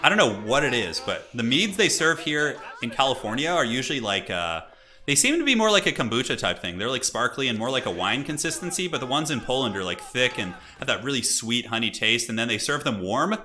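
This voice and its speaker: Excitable man casting a strategy game. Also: mid-range voice, a little fast. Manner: chatty, excitable, laughs often. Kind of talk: live game commentary.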